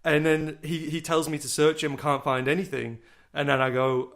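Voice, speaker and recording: Young male podcast co-host, higher-pitched bright voice, loose rambling delivery with casual swearing. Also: little pitch movement, moderate pace.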